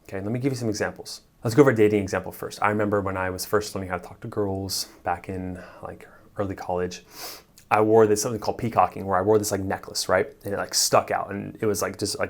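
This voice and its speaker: A man's voice: on the low side, fast, gravelly. A man coaching on relationships, telling stories casually and animatedly, often adding "like" and "right?" and chuckling as he talks. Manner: animated storyteller, frequent "like" and "right?", chuckles while talking. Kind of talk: casual advice monologue to the camera.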